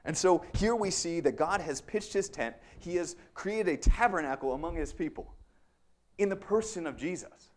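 A young man preaches in a relaxed, conversational way, poking fun at himself and checking in with the room with "right?" again and again. His voice sits a little high for a man. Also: normal speed. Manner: conversational, self-deprecating, frequent "right?" asides. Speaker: pastor. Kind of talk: sermon.

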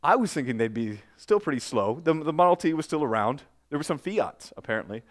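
A man's voice: on the high side, big pitch swings, brisk. Casual joking young male preacher. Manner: conversational, self-deprecating, joking asides. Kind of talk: casual sermon with prayer. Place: church sanctuary. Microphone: microphone with feedback.

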